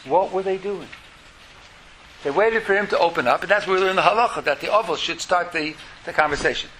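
A man teaching a lecture as a religious teacher, in an animated way that acts out quotes in lively voices. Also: high voice, fairly quick, a little hiss or hum, low-quality recording.

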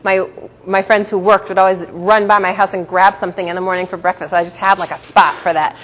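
A middle-aged woman giving a religious teaching talk to a group, telling stories warmly and laughing often. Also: mid-range voice, level tone, fast talker. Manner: warm, storytelling, laughs often. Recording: dull sound in a reverberant hall.

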